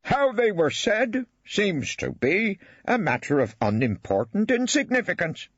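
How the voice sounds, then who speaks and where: A man's voice: high voice, very animated, measured pace, husky, dry recording, pitched above the performer's own voice, heavily acted. A man playing a pompous irritable judge. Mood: irritated. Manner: weighty, clipped, condescending. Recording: dry, slightly dull studio.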